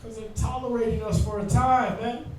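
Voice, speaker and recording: High-voiced man teaching in echoey room. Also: steady tone, normal speed, darkish tone, distant mic, a little hiss or hum. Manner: slangy, joking, talks straight to the class. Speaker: Bible class teacher. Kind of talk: informal Bible class teaching.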